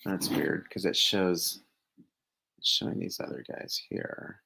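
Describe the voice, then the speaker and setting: A man's voice: low-pitched, fairly even intonation, takes it slowly, vocal fry, pushed and bright, slightly rough, rough recording. A man co-hosting a casual live stream, giving step-by-step directions and laughing easily. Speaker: co-host.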